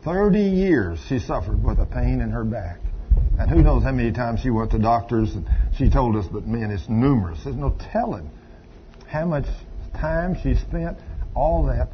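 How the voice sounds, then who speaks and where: A man's voice: mid-range voice, animated, moderate pace, lo-fi sound, slight background noise. A man preaching a sermon in church, emphatic and calling out to the congregation. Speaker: pastor. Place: church service.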